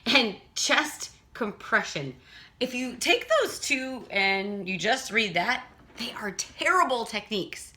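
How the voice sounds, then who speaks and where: Lively, higher-pitched woman singing teacher. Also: takes it slowly. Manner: chatty, stops to demonstrate vocal sounds. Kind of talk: casual vocal lesson.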